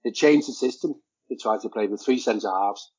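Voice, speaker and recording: Man, Danish-born, former footballer, fairly low husky voice, measured reflective delivery, muffled lo-fi podcast sound. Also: darkish tone. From Denmark. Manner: reflective, measured, rhetorical tags. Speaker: football pundit, former player. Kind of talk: casual podcast chat.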